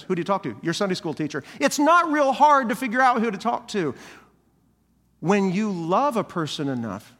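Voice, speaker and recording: High-voiced male pastor preaching. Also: normal speed, big-room sound. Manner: animated preaching, acts out quoted complainers. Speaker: senior pastor. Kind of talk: sermon.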